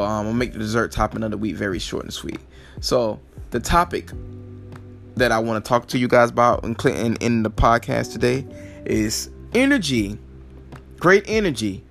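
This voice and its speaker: A man's voice: medium pitch, vocal fry, fairly bright tone. A man hosting a podcast, talking straight to his listeners in a loose, profane, casual way. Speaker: podcast host. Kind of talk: casual comic storytelling.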